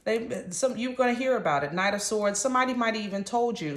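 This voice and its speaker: A woman's voice: on the high side, fast, a little hiss or hum. Chatty, slangy woman tarot reader. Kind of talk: casual tarot reading. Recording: roomy echo.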